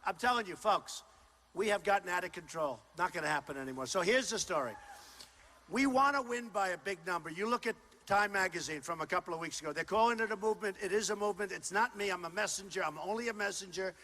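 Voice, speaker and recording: A man in his sixties giving a loud, ad-libbed campaign rally speech, often repeating his lines. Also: high voice, quick pace. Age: 60s. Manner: loud, repetitive, ad-libbed crowd address. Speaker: political candidate. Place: large rally hall.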